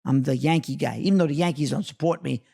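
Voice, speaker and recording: A middle-aged man from New York tells rapid-fire stories as a guest in a casual chat. His voice sits high and carries a gravelly edge. He swears freely and gets worked up as he goes. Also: mellow. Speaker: guest, actor. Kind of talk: animated storytelling in casual chat.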